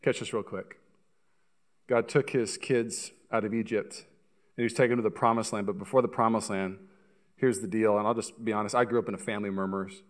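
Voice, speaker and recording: A pastor preaching a sermon, telling stories with energy and speaking straight to the congregation. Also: male voice, fairly low pitch, fast talker. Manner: animated storytelling, acts out voices, addresses congregation directly.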